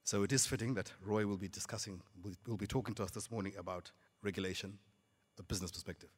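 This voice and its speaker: Man, husky, low voice, halting introduction, hall reverb. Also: fairly even intonation. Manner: hesitant, with fillers. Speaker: event chairman introducing a speaker. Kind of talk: formal introduction. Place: conference hall.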